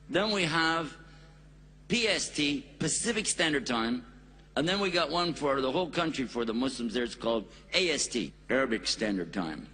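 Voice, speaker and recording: A man's voice: mid-range voice, fairly bright tone, slight background noise. Folksy American man lecturing. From United States. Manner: folksy, joking, emphatic. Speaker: Islamic preacher. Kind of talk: public lecture. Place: lecture hall in India.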